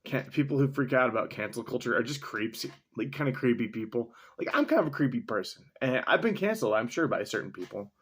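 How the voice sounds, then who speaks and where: A man casually reacting to a text he reads, rambling and sarcastic, swearing freely and filling pauses with ums and likes. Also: mid-range voice, expressive, a bit bright, husky. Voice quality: mustache-wearing man chuckling between remarks. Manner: profane, sarcastic, thinks aloud with many fillers. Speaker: vlogger reading and reacting to a text.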